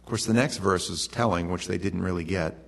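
A man with a fairly low voice preaching to his congregation. He talks like he is telling a story to friends, casual and animated, with quick asides and questions to the room. A middle-aged pastor in an easy, unhurried sermon. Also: vocal fry.

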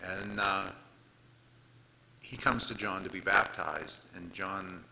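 This pastor's voice sits low and moves slowly, sounding pushed and bright on a low-quality recording. Preaching conversationally, he reads King James verses aloud and retells Bible stories in plain, casual words.

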